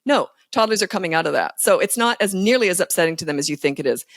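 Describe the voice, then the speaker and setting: A woman's voice: fairly low pitch, lively intonation, fast talker, no echo, studio quality. A woman speaking as a parenting coach guest in a casual podcast interview, blunt, emphatic and sure of herself. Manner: blunt, emphatic and self-assured.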